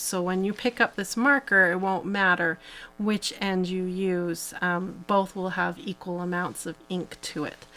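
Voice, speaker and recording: A woman's voice: fairly low pitch, fairly bright tone, poor audio. A woman hosting a live craft tutorial, chatting casually as she demonstrates each step, with plenty of fillers. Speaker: host.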